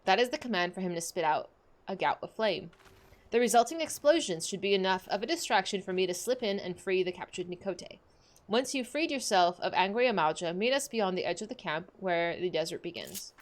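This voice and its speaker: A woman reading the quest lines of an impatient, sharp-tongued female warrior scout in a curt, scolding way, with a lively voice. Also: mid-range voice, brisk, lightly acted. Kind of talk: reading quest dialogue aloud.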